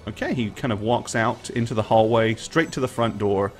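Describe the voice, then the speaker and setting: A man's voice: fairly low pitch, normal speed, soft background music. A man narrating a tabletop game as game master, casual and chuckling, with frequent fillers.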